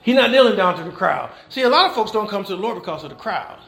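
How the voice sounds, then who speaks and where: A man preaching an animated sermon, high and gravelly, bright and edgy in tone. He drives points home with repeated rhetorical questions in a folksy church manner. The room rings with echo. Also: fast. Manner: folksy Southern American church phrasing.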